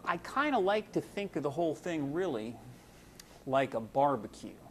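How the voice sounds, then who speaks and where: A man's voice: on the high side, very animated, normal speed, fairly bright tone, slight background noise. Casual folksy man lecturing. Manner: casual, folksy, many fillers. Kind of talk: medical lecture with analogies.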